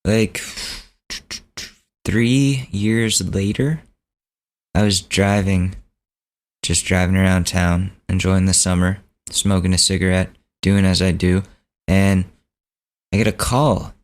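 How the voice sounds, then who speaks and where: A podcast host telling a story in a low, unhurried voice. He rambles easily from one point to the next in a relaxed, casual way.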